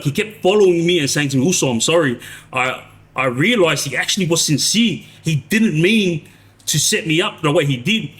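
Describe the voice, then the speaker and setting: Rambling man, slightly high voice. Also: fairly bright tone. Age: 40s. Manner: rambling, restarts, frequent tag "yeah?". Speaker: live streamer recounting prison life. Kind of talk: casual live-stream storytelling.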